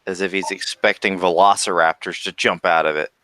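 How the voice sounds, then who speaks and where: Deep, bright-toned male tabletop player. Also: fairly even intonation, brisk, a little hiss or hum. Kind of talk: describing his character's actions.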